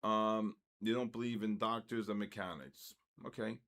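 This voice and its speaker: A man's voice: on the low side, steady tone, moderate pace, fairly bright tone. A man hosting a live trading session, rambling into ranting asides between market calls. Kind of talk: casual live trading commentary.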